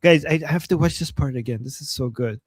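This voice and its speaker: A man from Iran co-hosting a live reaction stream, excitable and laughing often, with bursts of exclamations. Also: a little high, fairly quick, heavy background noise. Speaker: livestream co-host.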